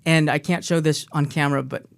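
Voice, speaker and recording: A woman's voice: low-pitched, steady tone, a little fast, vocal fry. A woman co-author on a talk show, speaking emphatically and repeating her key phrases. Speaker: co-author and former co-host.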